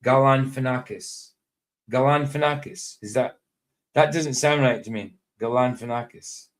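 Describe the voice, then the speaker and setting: A man's voice: mid-range voice, a little slow. A man hosting a live stream in casual, rambling chat, often chuckling and talking to himself.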